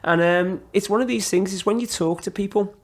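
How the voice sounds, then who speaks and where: An English man in his thirties sits as a podcast guest and tells his stories in a casual, animated way. His voice sits a little high for a man. He acts out the other people's lines as he goes. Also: brisk. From England. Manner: animated anecdotes with laughs and acted-out dialogue. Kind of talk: casual storytelling.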